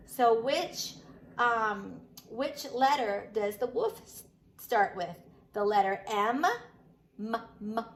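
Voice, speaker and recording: A woman teaching a preschool lesson at home, talking slowly and sing-song to small children. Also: a little high, roomy sound, low-quality recording. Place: home room.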